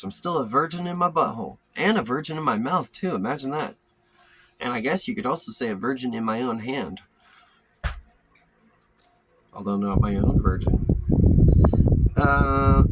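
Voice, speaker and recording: A man telling stories about his life in a blunt, profane casual monologue, often slipping into the voices of people he quotes. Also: medium pitch. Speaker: storyteller ranting to camera. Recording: audible background noise with clicks.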